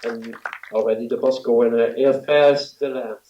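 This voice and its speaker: A man presenting an award at a ceremony, speaking haltingly with many filler pauses; recorded in an event venue from a distance. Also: mid-range voice, steady tone, slight background noise. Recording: roomy, distant, dull sound.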